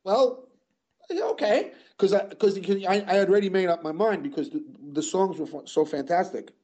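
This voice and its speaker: A man's voice: high-pitched, fairly even intonation, fairly quick, warm tone. An older man telling stories in a casual interview, rambling with lots of "you know" and restarts. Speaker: guest musician.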